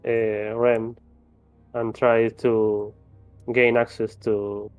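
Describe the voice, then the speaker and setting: A man playing in a tabletop game, speaking in a flat, deliberate, casual way. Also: fairly low pitch, no echo, faint music behind. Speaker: player. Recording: tinny, phone-like, dry mic.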